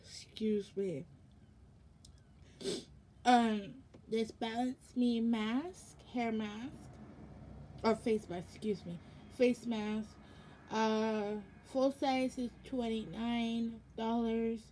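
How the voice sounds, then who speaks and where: A woman's voice: fairly high pitch, steady tone, slow, warm tone, a little hiss or hum. A young woman chatting casually through a product unboxing, rambling with lots of ums and self-corrections, sounding sleepy and yawning. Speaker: vlogger.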